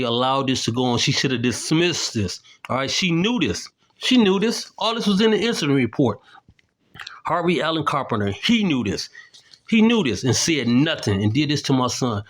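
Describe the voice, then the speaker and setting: A middle-aged man giving emphatic, accusatory commentary to camera, walking through documents and often asking "okay?". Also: medium pitch. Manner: indignant, accusatory, keeps tagging "okay?"; explains while showing documents to the camera. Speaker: independent video commentator.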